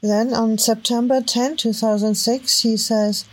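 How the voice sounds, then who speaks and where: A woman's voice: on the high side, steady tone, low-quality recording. German-accented woman thinking aloud. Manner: halting, thinks aloud with many fillers and restarts. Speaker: podcast host. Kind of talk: casual commentary while browsing web posts. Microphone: home microphone.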